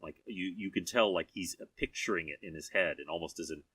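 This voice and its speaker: A man's voice: low voice, brisk, bright, forceful tone, husky, no echo, far from the mic. A man narrating a tabletop game as game master, telling the scene in vivid descriptive detail.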